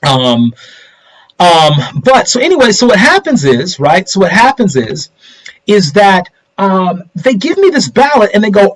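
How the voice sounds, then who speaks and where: A man's voice: high voice, big pitch swings, a little slow, fairly bright tone, rough recording. A middle-aged man hosting a casual political commentary livestream, talking straight to viewers and asking them rhetorical questions.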